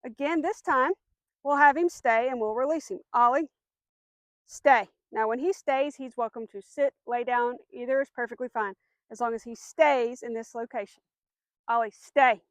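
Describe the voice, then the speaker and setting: A woman dog trainer giving a clear, patient lesson outdoors, with firm short commands. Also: a little high, normal speed, dry recording. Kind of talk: instructional demonstration.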